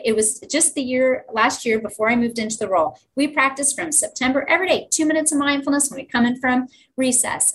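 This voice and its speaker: A woman's voice: a little high, a bit bright, poor audio. Enthusiastic woman teacher telling stories. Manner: enthusiastic storyteller, acts out children's voices. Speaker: teacher and guest. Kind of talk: conversational podcast interview.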